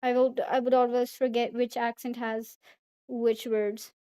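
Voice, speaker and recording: A woman's voice: fairly high pitch, little pitch movement, measured pace, warm tone, clean tone. A young woman from India, streaming and chatting casually, rambling as she answers chat messages aloud.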